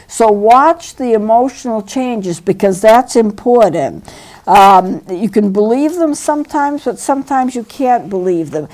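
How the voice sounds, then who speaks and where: A woman counselor talks through advice on her own show in a mellow, warm tone. She explains patiently and slips into brief acted exchanges to make her points. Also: mid-range voice, unhurried. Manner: calm, explanatory, acts out example dialogue. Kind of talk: talk show advice monologue.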